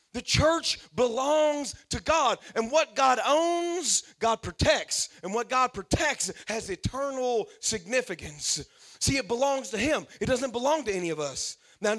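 A high-pitched man preaches a sermon, working up to fervent declarations. He repeats key lines and calls out to his listeners as a pastor. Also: fairly bright tone. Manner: preaching with rising fervor and repetition.

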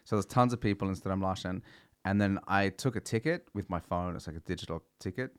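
A man with a fairly low voice hosts a loose, boozy podcast chat. He tells his stories with lively energy, swears freely and drinks beer as he talks. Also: brisk, clear, resonant tone, no room sound, studio quality. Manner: animated storyteller, swears freely; drinking beer while talking. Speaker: podcast host.

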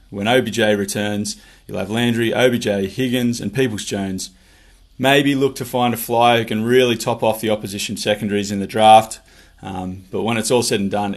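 A man with an Australian accent, president of a fan club, sending an enthusiastic recorded message. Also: fairly low pitch. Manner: enthusiastic, colloquial.

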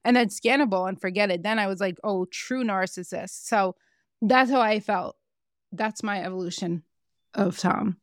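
A woman co-hosting a podcast, chatting in a casual and animated way and swearing freely as she recaps reality TV. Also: mid-range voice, normal speed, dry recording, studio quality. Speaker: podcast co-host.

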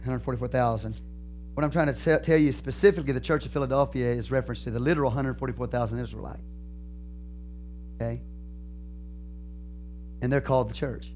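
A man with a Texan accent, a pastor preaching a sermon, moving from calm teaching to loud, fervent preaching. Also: medium pitch, a little fast, long pauses, a little hiss or hum.

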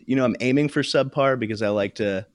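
A man's voice: medium pitch, fast, a little hiss or hum. A man filling in as quizmaster on a trivia podcast, modest and a little hesitant as he reads out questions. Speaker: guest quizmaster. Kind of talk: casual chat, reading trivia questions.

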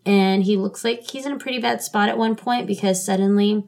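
Animated laughing woman co-host. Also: mid-range voice, a little fast, gravelly. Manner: animated, laughs often, acts out lines. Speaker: podcast co-host. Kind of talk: casual chat recapping a drama episode.

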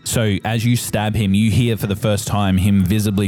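A man narrating as the game master of a tabletop game, describing the action vividly and making quick rules calls. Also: on the low side, little pitch movement, darkish tone, soft background music.

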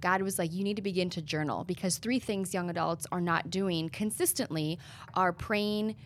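A woman's voice: lowish voice, moderate pace, a little hiss or hum. Earnest young woman sharing her testimony. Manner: earnest, preacherly storytelling. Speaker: guest. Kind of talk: testimony in an interview.

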